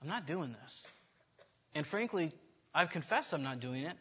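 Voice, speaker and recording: A man's voice: a little high, animated, normal speed, pushed and bright, breathy edge. A man giving an informal sermon in a candid, self-deprecating, conversational way, often restarting his sentences. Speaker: preacher.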